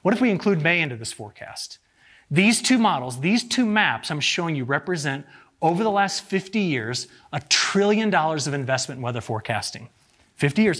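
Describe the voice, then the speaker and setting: Weather guy talking to a room of farmers, kinda husky voice, pitched a bit high, jokey, keeps asking the crowd questions. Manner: lively, joking, asks the audience rhetorical questions. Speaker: agricultural meteorologist presenting to farmers. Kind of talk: conference presentation with slides.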